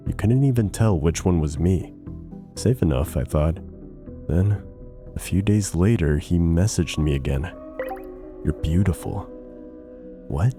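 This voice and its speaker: Deep-voiced man narrating horror stories. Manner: measured, suspenseful. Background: soft music.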